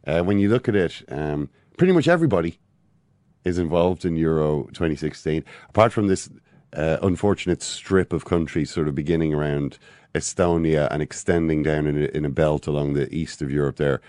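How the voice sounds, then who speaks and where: An Irish man talks football on a podcast in an extremely deep voice, pausing often with "uh" and "um". His dry wit comes through, and the sound is dry and close. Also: a little mellow, no room sound. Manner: hesitant, full of "uh" and "um", dry wit. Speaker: football pundit. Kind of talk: casual football chat.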